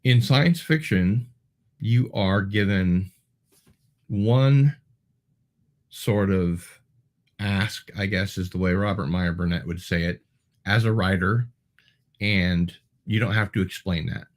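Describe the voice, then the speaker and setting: A man's voice: sits low, slow pace, long pauses. A man hosting a casual livestream, answering viewer comments in a rambling, digressive way with many ums and restarts and wry asides. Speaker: show host.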